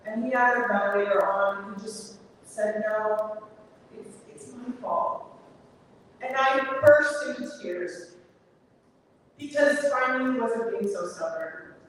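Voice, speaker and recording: A woman's voice: mid-range voice, unhurried, fairly bright tone, a little hiss or hum. A woman telling a personal story at a live coffee-shop event, wry and conversational. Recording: echoey, distant live recording.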